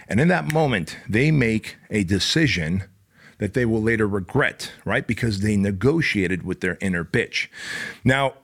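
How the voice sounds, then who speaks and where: A man's voice: lowish voice, fairly bright tone, slightly rough. Man, motivational speaker, blunt, profane, emphatic. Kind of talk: motivational talk.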